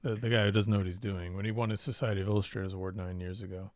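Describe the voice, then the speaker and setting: A man's voice: fairly low pitch, fairly even intonation, very fast, dry recording. A man co-hosting a live painting stream, chatting casually in a laid-back way and laughing easily. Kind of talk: casual chat.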